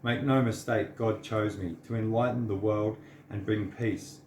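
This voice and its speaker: Man in his thirties, earnest and preachy, lowish voice, echoey room, faint background hiss. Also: steady tone, a little slow, a little mellow. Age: 30s. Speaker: vlogger. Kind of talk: personal monologue to camera.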